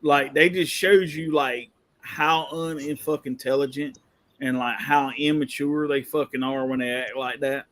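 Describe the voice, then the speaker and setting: A man's voice: mid-range voice, fairly even intonation, measured pace, a bit bright. A man in casual chat, giving emphatic, profane opinions about rude people.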